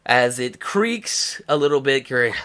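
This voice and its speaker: A man's voice: mid-range voice, a little slow, a bit bright. A man running a tabletop game as game master, narrating in a rambling way with many restarts.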